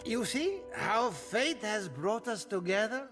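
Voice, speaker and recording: A drunken, boastful sailor in a jail cell for a fantasy game, with a high voice that swoops widely. He talks slowly and theatrically, wheedling and grandiose. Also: sing-song, fairly bright tone, full character voice. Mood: pleading. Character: drunken boastful jailed sailor, middle-aged man. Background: game music.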